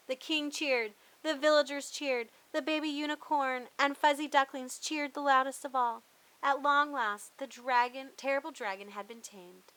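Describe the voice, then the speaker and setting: A woman reading a children's picture book aloud as a storyteller, playful and expressive with dramatic pauses. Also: sits high, low-quality recording.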